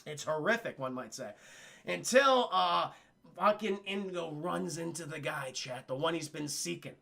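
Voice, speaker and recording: A young man streaming a profane, comic scene-by-scene film recap to his live chat, acting out the characters' lines in quick voices. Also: fairly high pitch, gravelly. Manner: animated, swears a lot, acts out lines in quick put-on voices.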